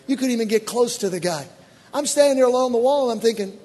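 A man preaching as a pastor, telling stories in an animated, exclaiming way. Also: extremely high pitch, fast, a little hiss or hum. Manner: animated, exclaiming storyteller with bursts of excitement. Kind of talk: sermon storytelling. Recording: church hall reverb.

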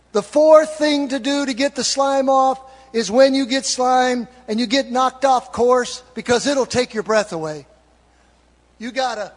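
A male pastor preaching a sermon, storytelling and swinging between loud exhortation and hushed confession. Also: very high voice. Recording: reverberant hall.

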